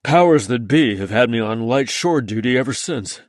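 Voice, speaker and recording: A man's voice: medium pitch, lively intonation, normal speed, no echo, clean studio sound, natural voice. Reserved Navy submarine chief, man, clipped and terse, read by the male narrator. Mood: matter-of-fact.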